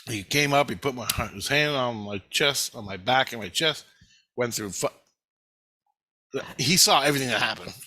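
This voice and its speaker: A man's voice: medium pitch, expressive, moderate pace, pushed and bright, low-quality recording. A man rambling agitatedly through a profane monologue, swearing constantly as he recounts his visions. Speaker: vlogger recounting spiritual visions.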